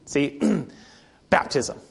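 A male preacher giving a sermon in a conversational storytelling way, often clearing his throat. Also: very slow. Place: church building.

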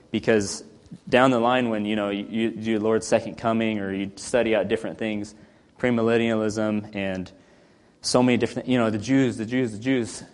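A man leading a Bible study, reading scripture aloud and then explaining it in casual, conversational talk, often clearing his throat. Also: fairly low pitch, in a large hall. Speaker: Bible teacher.

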